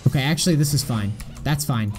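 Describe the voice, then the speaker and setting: A man's voice: medium pitch, fairly quick, soft background music. A young man coaching a player over a live stream, blunt and exasperated, swearing often. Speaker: game coach.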